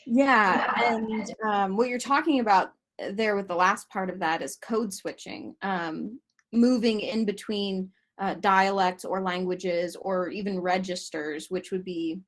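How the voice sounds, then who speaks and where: A woman moderates an online discussion over a video call. She explains ideas at a measured, thoughtful pace, leaning on fillers as she thinks. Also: mid-range voice. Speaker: discussion facilitator. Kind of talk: casual online panel discussion.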